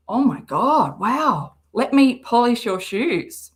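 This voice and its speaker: A woman hosting a reaction livestream, talking in an animated, sarcastic way and laughing often. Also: a little high, takes it slowly, hardly any pauses. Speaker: livestream host.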